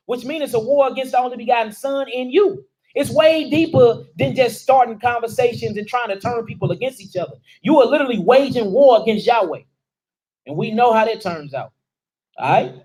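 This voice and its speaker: A man's voice: extremely high pitch, animated, a little fast, darkish tone, low-quality recording. A man preaching a sermon, calling out questions to his listeners in informal dialect speech. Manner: calls out questions and answers to the room. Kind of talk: sermon teaching.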